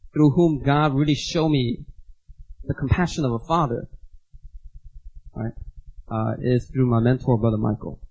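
A man's voice: mid-range voice, a little mellow, rough recording. A young man giving a sermon as a guest speaker, telling personal stories casually and acting out the voices in them. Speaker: guest preacher. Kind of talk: storytelling sermon.

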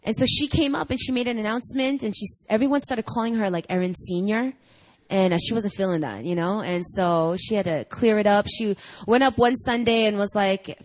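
A woman pastor speaks in church, introducing a guest. Her voice sits in a middle register. She tells stories in a chatty, animated way. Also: medium pitch, brisk, low-quality recording. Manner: chatty, animated storytelling with laughs.

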